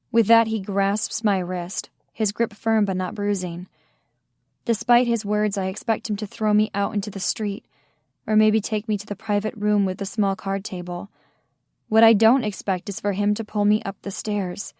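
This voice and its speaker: A woman tells a first-person story in a measured, intimate reading voice. Her pitch sits in the middle of the range. The recording is dry and close, with no room echo. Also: steady tone, dark tone. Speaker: audiobook narrator. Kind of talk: first-person audiobook narration.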